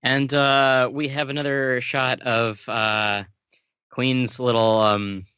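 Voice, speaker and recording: A man hosting a podcast, recapping a comic in relaxed chat with many fillers. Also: medium pitch, slow, clean tone, no echo, lo-fi sound. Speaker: podcast host.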